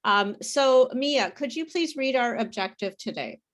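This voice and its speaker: A woman tutoring English pronunciation over a video call, explaining slowly and patiently. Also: high-pitched, animated. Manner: slow, careful teacher explaining with apologies and laughs. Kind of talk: online pronunciation lesson.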